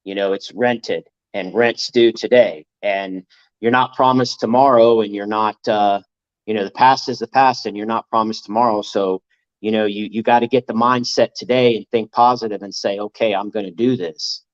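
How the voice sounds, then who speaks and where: A man's voice: lowish voice, fairly even intonation, moderate pace. A man in casual podcast chat, talking earnestly and motivationally, repeating his points. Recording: dull lo-fi audio.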